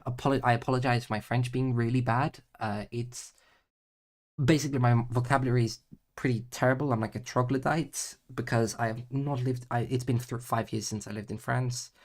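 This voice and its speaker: A man streaming himself doing homework in casual chat, muttering to himself, tossing out playful nonsense words and halting French, and drifting between loud bursts and quiet mumbling. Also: medium pitch, steady tone.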